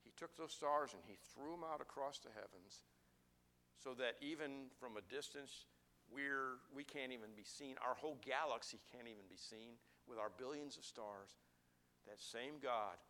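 A middle-aged man preaching a sermon as pastor, building to emphatic declarations and dropping to soft, hushed asides. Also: medium pitch, expressive, moderate pace.

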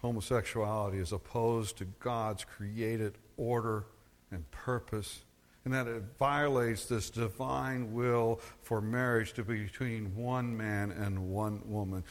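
A man preaching a sermon as a pastor, swinging from low, measured stretches to high, forceful emphasis. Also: steady tone. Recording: long hall reverb.

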